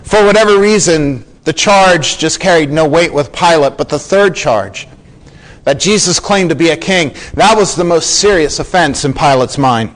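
A man's voice: on the high side, lively intonation, normal speed, low-quality recording. A man preaching a sermon as a pastor, explaining scripture earnestly and acting out the quoted lines.

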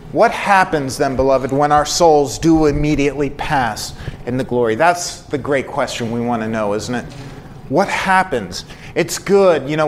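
A man's voice: a little high, a little hiss or hum. A male pastor preaching an earnest sermon, building emphasis through repeated phrases and rhetorical questions.

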